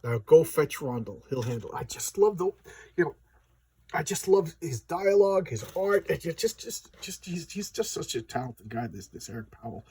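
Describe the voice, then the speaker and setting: A man's voice: on the high side, sing-song, normal speed, a little mellow, breathy edge, far from the mic. A man casually reviewing a comic book, stammering, repeating words and gushing over the art.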